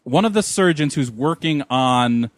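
A man's voice: mid-range voice, lively intonation, a little slow, no echo. A man co-hosting a podcast, chatting about a movie in a hesitant, jokey way with many fillers. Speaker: podcast co-host. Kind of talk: casual movie chat.

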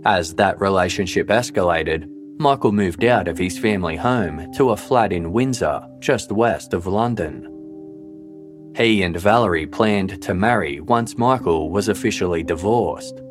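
A man with a very low voice narrates a true-crime story in a measured, even, scripted delivery. Soft music plays quietly underneath him. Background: faint background music.

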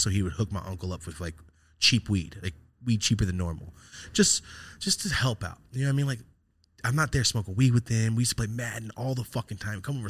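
Low-voiced man telling a casual story. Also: fairly bright tone. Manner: loose, profane, reflective, with many fillers and restarts. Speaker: podcast host.

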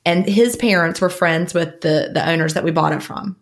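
A woman's voice: fairly low pitch, moderate pace. A woman co-hosting a podcast in casual chat, rambling and laughing often as she talks. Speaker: podcast co-host.

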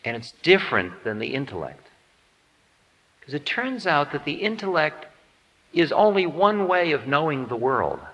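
A man's voice: on the high side, big pitch swings, moderate pace, fairly bright tone, big-room sound, muffled recording. A man giving a spiritual lecture with playful, self-mocking humor, acting out voices as he tells stories. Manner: acts out quoted voices. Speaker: spiritual teacher.

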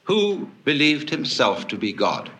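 A man delivers a public lecture, spinning stories for the audience with wry, animated humor and swooping emphasis. His voice is a little high and his pace unhurried.

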